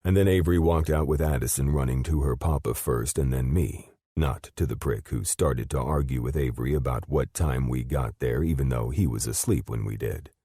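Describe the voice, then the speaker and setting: A man narrates an audiobook in the first person with a very deep, dark voice. His delivery is steady and low-key, even through blunt swearing. The studio sound is dry and close. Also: moderate pace, hardly any pauses, breathy edge, no echo.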